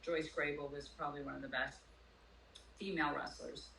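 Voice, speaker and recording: An older woman, a former pro wrestler and podcast guest, telling stories in animated casual chat. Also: sits low, fairly quick, creaky. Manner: animated storyteller. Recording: echoey room, distant mic, faint noise.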